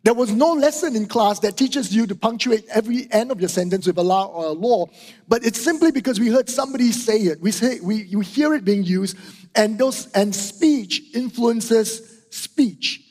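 Middle-aged man, high-voiced emphatic preacher, long hall echo. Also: expressive, moderate pace, darkish tone. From Singapore. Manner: emphatic, repeats key phrases, asks "right?" and "okay?". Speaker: pastor. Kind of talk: sermon. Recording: hall reverb.

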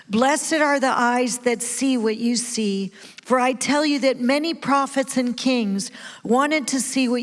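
A woman preaching a sermon in an animated way, calling out questions to her listeners. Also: on the high side. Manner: animated, calls out to the audience. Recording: long hall reverb.

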